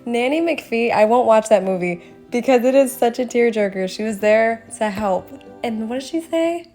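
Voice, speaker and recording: Young woman, slightly high, casual art vlogger, giggly and rambling, faint music bed. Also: expressive, normal speed, warm tone. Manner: giggly, self-conscious, rambling. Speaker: artist vlogger. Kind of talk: casual sketchbook tour chat.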